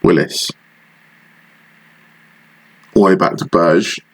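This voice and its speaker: A man narrates a football management game match as it plays out, naming players and grumbling sarcastically about misplaced passes. His voice sits a little low and sounds husky, and he talks at an unhurried, drawn-out pace. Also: fairly even intonation, poor audio. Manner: frustrated, sarcastic play-by-play. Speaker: gaming channel host. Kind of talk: live commentary over a football management game.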